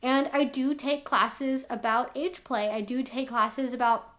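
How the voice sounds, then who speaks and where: This young educator addresses the camera in a high, steady, slightly bright voice at a somewhat slow pace. Her explanations are frank and full of "like" fillers.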